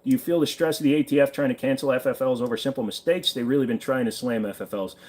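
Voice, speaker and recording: A man's voice: medium pitch, steady tone, fast talker, darkish tone. A man from Virginia casually answering live chat questions, offhand and swearing freely, while sitting in a friend's pawn shop.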